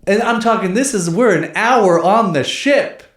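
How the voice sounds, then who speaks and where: A man's voice: high voice, normal speed, fairly bright tone. A man hosting a podcast, telling stories in a casual, slangy way, swearing and saying "dude" a lot. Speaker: podcast host. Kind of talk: casual storytelling chat. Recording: roomy echo.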